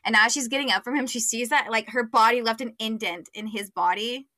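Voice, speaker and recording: Bright-voiced chatty young woman. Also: on the high side, a little fast, dry recording. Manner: chatty, many fillers, acts out quotes. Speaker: podcast co-host. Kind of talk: casual book chat.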